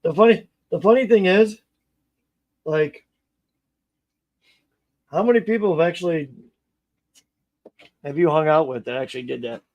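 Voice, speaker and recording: A man's voice: a little high, moderate pace, pauses often, lo-fi sound. A man chatting casually on a live stream while he repairs a model car, rambling, joking and muttering to himself as he works.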